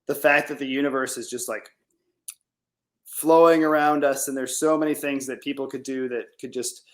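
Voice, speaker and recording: A man's voice: mid-range voice, steady tone, moderate pace. A man farmer being interviewed over a remote call, talking casually and rambling, with lots of "like" fillers. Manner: rambling, heavy use of "like". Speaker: farmer guest.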